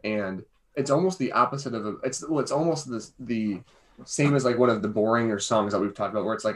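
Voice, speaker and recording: A man's voice: on the low side, a little fast. A man co-hosting a casual chat about songs, rambling and jokey, often restarting his sentences. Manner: rambling, self-interrupting, jokey. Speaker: podcast co-host. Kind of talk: casual music review chat.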